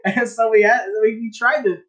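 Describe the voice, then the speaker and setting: A man's voice: extremely high pitch, steady tone, normal speed, a bit bright. A young man co-hosting a casual podcast, goofy and rambling, with frequent restarts. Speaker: podcast co-host. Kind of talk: casual chat.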